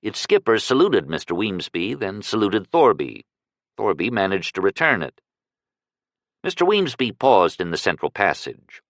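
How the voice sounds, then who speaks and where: A man narrating a science fiction audiobook in a measured, expressive storytelling manner. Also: lowish voice, dry recording, studio quality. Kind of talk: scripted narration.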